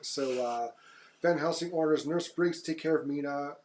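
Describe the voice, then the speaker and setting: A man co-hosting a podcast, recapping a movie plot in loose casual chat, with fillers and quick jokey asides. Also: on the high side, a little mellow, slight background noise. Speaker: podcast co-host.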